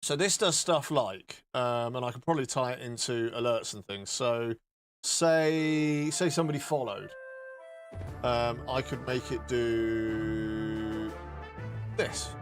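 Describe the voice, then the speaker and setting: A man's voice: mid-range voice, slow pace, faint music behind. A man chatting casually and joking as he shows off filters on his live stream, with some swearing.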